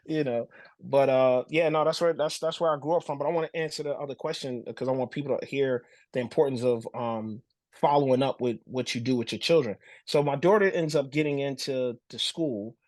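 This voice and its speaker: A man from New Jersey, a podcast guest telling stories in casual talk, animated and full of restarts. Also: medium pitch, a little fast, no echo. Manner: animated storyteller, acts out voices, frequent restarts. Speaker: podcast guest, former pro basketball showman.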